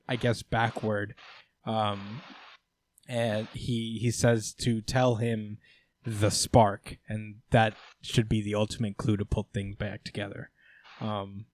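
A man co-hosting a podcast, casually recapping a comic storyline with rambling asides, laughs and quick character voices. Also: fairly low pitch, darkish tone, no room sound. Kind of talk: casual comedic recap chat.

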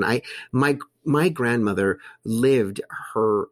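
A man in casual podcast talk, animated and chatty, who calls people honey. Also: mid-range voice, measured pace, few pauses. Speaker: podcast guest, host of his own show. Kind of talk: casual chat. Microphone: studio mic.

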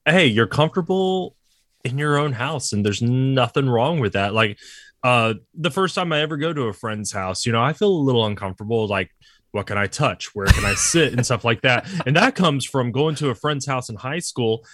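Man, 30s, casual podcast chat, animated storyteller, mid pitch, dry close mic. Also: moderate pace, dry recording. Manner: animated storyteller, acts out quoted friends.

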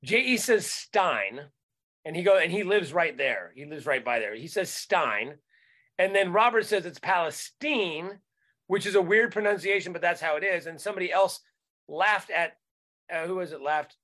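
A man's voice: sits high, a little fast, fairly bright tone. A man co-hosting a comedy podcast, ranting in casual chat and swearing freely.

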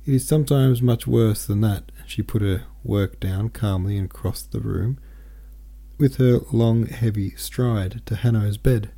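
A man reading a novel aloud as a podcast host, in a gentle, even storytelling manner with soft voices for the characters. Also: fairly low pitch, measured pace, vocal fry. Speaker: audiobook reader.

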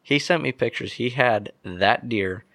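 A young man from Pennsylvania, a podcast guest telling an animated story and acting out what people said. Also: mid-range voice, unhurried, dry recording, studio quality. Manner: animated storyteller, acts out quotes. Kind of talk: casual storytelling.

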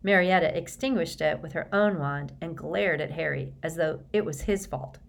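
Woman narrating a storybook, lowish voice. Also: creaky. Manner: steady, measured storytelling. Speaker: audiobook narrator. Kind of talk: scripted narration.

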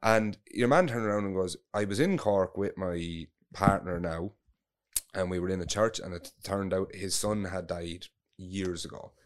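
A man's voice: low voice, moderate pace. An Irish man telling a long story in casual chat, rambling, swearing freely and restarting his sentences.

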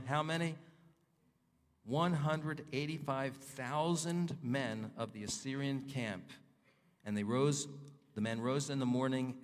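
A male pastor preaching a sermon, reading scripture aloud and voicing prayers with fervor, his pitch rising and falling. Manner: rises and falls in pitch, voices prayers with fervor. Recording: long hall reverb.

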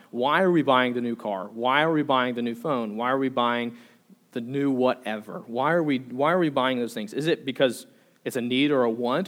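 A young adult man preaching a sermon as pastor, earnest, asking repeated rhetorical questions and often restarting his words. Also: mid-range voice.

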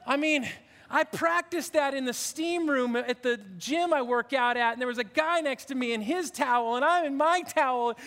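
Emotional high-voiced pastor in his fifties. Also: moderate pace, long reverb tail. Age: 50s. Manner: animated and emotional, with frequent restarts. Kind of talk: sermon.

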